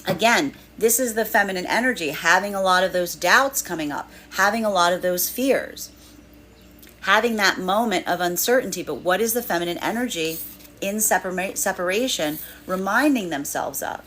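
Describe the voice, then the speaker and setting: A woman's voice: mid-range voice, moderate pace, fairly bright tone, a little hiss or hum. A woman giving a flowing, spiritual tarot card reading, repeating phrases as she talks through the cards. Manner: flowing, spiritual, repeats phrases while acting out inner voices. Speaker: tarot reader.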